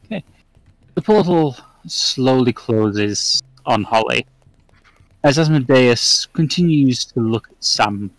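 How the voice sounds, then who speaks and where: A man narrating a tabletop game as dungeon master, in a relaxed, descriptive way. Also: mid-range voice, slow pace, dry recording, low-quality recording.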